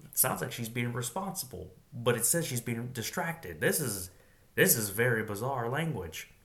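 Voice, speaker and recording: A man's voice: medium pitch, very animated, normal speed, fairly bright tone. Musing man reading scripture aloud. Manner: musing, chuckles often, reads aloud then comments. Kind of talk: Bible reading with commentary.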